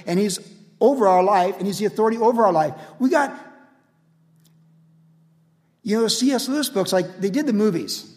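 This is a radio sermon from a male pastor with a notably high voice, lively and casual in tone. He relies on repeated refrains and builds energy as he goes, and a long, church-like reverb hangs on the sound.

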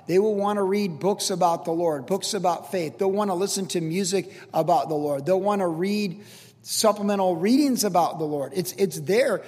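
An older man preaches a sermon, his voice pitched high. He teaches in an earnest, conversational way, slipping in casual asides as his words ring out in a long, reverberant hall. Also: normal speed, darkish tone. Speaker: pastor.

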